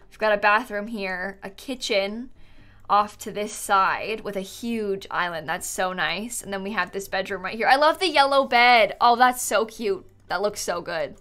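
A woman's voice: medium pitch, moderate pace, fairly bright tone. A woman chatting casually on a live stream, touring viewers' game builds, bubbly and chatty with lots of "like"s, a bit sleepy and yawning.

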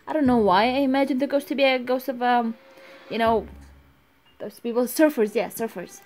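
A woman's voice: on the high side, normal speed, a little mellow, faint music behind. Giggly young woman narrating her gameplay. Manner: giggly, talks to herself. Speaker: gaming channel host. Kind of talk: let's play commentary.

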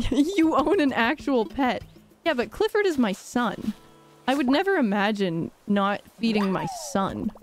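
A young woman with a slightly high voice chats her way through a live game stream. She rambles, laughs easily and lets out theatrical sighs. Soft game music plays faintly underneath. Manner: chatty and rambling, laughs often, dramatic sighs. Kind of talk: casual live-stream gameplay chat.

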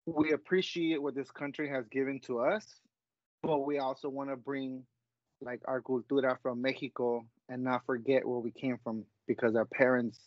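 A man co-hosts a podcast in a loose, rambling way and drops in Spanish words. His voice is mid-pitched. The sound is dry and muffled, like a lo-fi recording. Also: dry recording. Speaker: podcast co-host. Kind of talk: casual chat.

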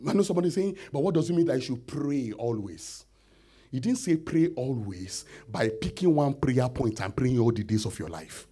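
A man preaching a sermon as pastor, swinging between loud shouts and low near-whispers, acting out pleading prayers. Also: lively intonation, normal speed, slightly rough. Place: church hall.

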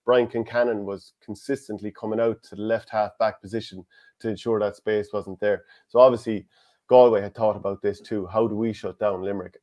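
A man's voice: on the low side, darkish tone. An Irish man co-hosting a podcast, talking through a game in long, detailed analytical runs. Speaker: co-host. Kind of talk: casual sports analysis chat.

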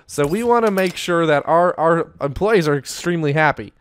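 A man's voice: a little high, animated, normal speed, clear, resonant tone. A young man giving casual, upbeat Let's Play commentary as he plays, often talking to his viewers directly. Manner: chatty, upbeat, talks to viewers as "you guys". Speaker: gaming YouTuber.

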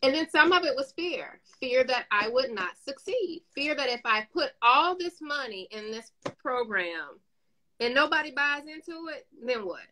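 A woman's voice: sits high, normal speed, low-quality recording. A woman with a New York accent, a business owner and coach, telling stories in casual conversation and acting out the quotes. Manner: animated storytelling, acts out quotes.

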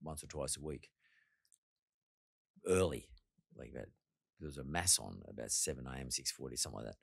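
A man's voice: rumbling low, lively intonation, a little fast, creaky, husky, no room sound, clean studio sound. A middle-aged man hosting a podcast, telling a candid story in a blunt, reflective way and swearing freely. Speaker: podcast host.

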